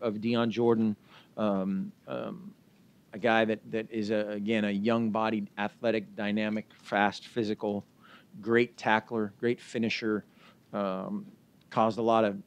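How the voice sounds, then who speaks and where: A head football coach fielding a press conference, a man with a somewhat low-pitched voice. He talks in a loose, upbeat way and piles on praise. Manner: upbeat, informal, heaps praise on recruits.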